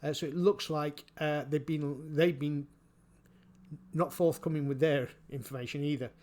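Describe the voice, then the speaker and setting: A man giving casual spoken commentary, halting and repeating his words, chuckling often. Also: fairly high pitch, fairly even intonation, a little mellow. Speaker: vlogger.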